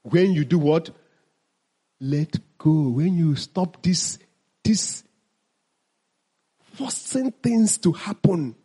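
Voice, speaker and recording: A man's voice: fairly high pitch, lively intonation, very slow, pauses often, dark tone, slightly rough. A man teaching mindfulness to an audience, asking them questions and then answering them himself.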